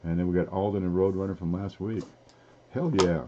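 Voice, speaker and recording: Man, giveaway host, low voice, folksy and rambling, dull lo-fi recording. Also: fairly even intonation, a little fast, darkish tone, slight background noise. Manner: folksy, rambling, reading off items one by one. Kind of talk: casual live-stream chat.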